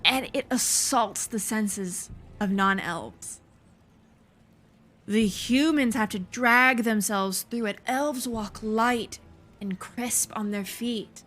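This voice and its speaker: Woman, gaming host, casual let's play commentary, excitable, quick reactions. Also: a little high, soft background music.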